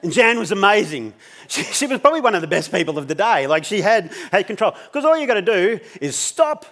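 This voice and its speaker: Animated man telling a story. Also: high voice, brisk. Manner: animated, swears casually, acts out dialogue. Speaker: keynote speaker. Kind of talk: storytelling keynote talk.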